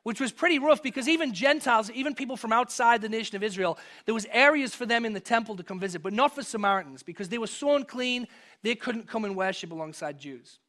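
A man's voice: extremely high pitch, quick pace, a bit bright. A man preaching a sermon, reading scripture and telling a personal story in a conversational way that rises to emphatic moments. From from outside the US. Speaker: pastor.

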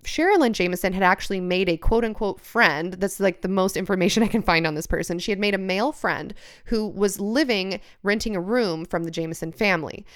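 Woman podcast host, mid-pitched and clear, reads case notes with chatty asides. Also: fairly quick. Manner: reads researched passages aloud between chatty asides. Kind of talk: casual true-crime chat, reading notes.

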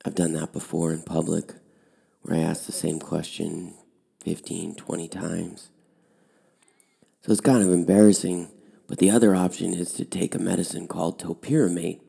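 A man who runs a high school outdoor program, telling a personal story in a relaxed, conversational way with fillers. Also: normal speed, vocal fry, husky.

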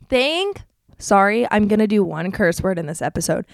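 Young woman chatting candidly, clear voice. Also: mid-range voice, expressive, brisk, no echo, studio quality. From New Jersey. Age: young adult. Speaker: podcast host. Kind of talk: casual confessional monologue.

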